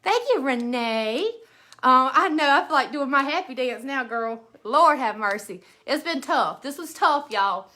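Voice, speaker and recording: High-voiced Southern woman chatting live. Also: animated, measured pace, bright, forceful tone. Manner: chatty, greets viewers by name, drawling. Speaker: craft live-streamer. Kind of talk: casual live-stream chat. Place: at home beside a Christmas tree.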